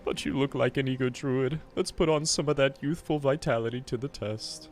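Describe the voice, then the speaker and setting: A man's voice: medium pitch, moderate pace, natural voice. A man voicing an elderly female tauren matriarch, reading quest text aloud in a put-on granny voice. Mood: gentle, proud. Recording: game music underneath.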